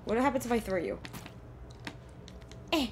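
A young woman streaming a horror game live, excitably reacting out loud and talking to the game and her chat from a desk mic at home. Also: a little high, unhurried, slight background noise. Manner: excitable, exclaims and talks to the game. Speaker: gameplay streamer. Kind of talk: live let's play commentary.

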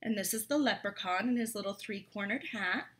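A woman's voice: mid-range voice, brisk, fairly bright tone. A woman teacher reading a story aloud and explaining words to young children, chatty and full of questions.

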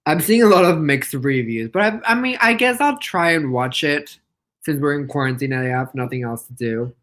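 A young man from Mexico chatting casually on a livestream, reading comments out loud, playful and giggly, and squealing at his pet. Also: a little high, lively intonation, moderate pace, rough recording. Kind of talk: casual live-stream chat reading comments.

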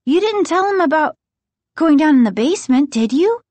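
A woman voicing a sharp, defensive preteen girl in an audiobook reading. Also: a little high, slow, no room sound, pitched above the performer's own voice.

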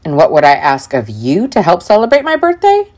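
A woman's voice: fairly low pitch, wildly swooping pitch, brisk, darkish tone. A woman of fifty vlogging her birthday in a chatty, upbeat way. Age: 50s. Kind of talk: casual vlog narration and chat. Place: outdoor park event. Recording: busy crowd and street noise.

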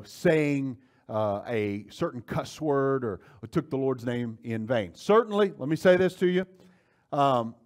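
A male pastor teaching a Bible study class. He speaks emphatically, checks in often with his listeners, and reads scripture aloud in old-fashioned wording. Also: medium pitch. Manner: emphatic, keeps checking in with "okay?"; animated, rising to forceful emphasis.

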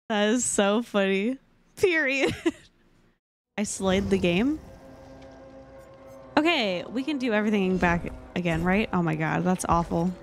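A young woman streaming a game, chatting casually with her viewers, excitable and dramatic, laughing often. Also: medium pitch, a little slow, long pauses, faint music behind. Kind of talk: casual gameplay commentary.

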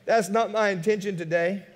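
Male pastor, high voice, animated sermon delivery with rhetorical questions, long church reverb. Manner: animated, rhetorical questions, shifts between loud emphasis and quiet asides. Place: church sanctuary.

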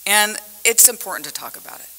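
Bright-voiced woman in a reverberant hall. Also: medium pitch, quick pace. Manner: animated storytelling, acts out dialogue, laughs often. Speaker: university professor on a conference panel. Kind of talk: conference talk with slides. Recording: long reverb in a conference hall.

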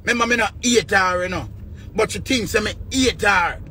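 A man's voice: sits high, normal speed, sharp tone, a little hiss or hum. A man with a Jamaican accent, rambling and swearing in a casual rant to his viewers. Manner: rambling, repetitive, swears often.

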